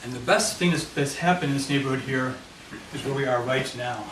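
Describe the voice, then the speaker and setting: At a committee meeting, a man with a mid-range voice goes a little fast as he explains a handout map of his neighborhood to those present. The meeting room sounds echoey, the mic is far from him, and the audio is noisy.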